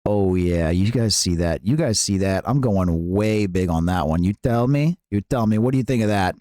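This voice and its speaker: A man's voice: lowish voice, animated, moderate pace, dark tone, no echo, clean studio sound. Playful man chatting on a live stream. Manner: playful, jokey, laughs often, reads and answers chat. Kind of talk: casual live-stream chat with viewers.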